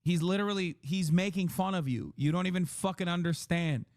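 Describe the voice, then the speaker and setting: Young guy ranting on stream, kinda high voice, close dry mic. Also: brisk, no echo. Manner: excited, profane, analytical rambling. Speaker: streamer reacting to a clip. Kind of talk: live-stream reaction commentary.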